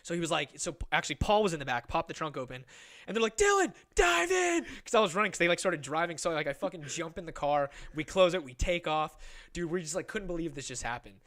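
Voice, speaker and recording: A young man in his twenties tells a story on a podcast with a slightly high voice. He is animated and swears freely, and he acts out the other people's lines as he goes. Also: fast. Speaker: podcast guest. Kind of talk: casual storytelling.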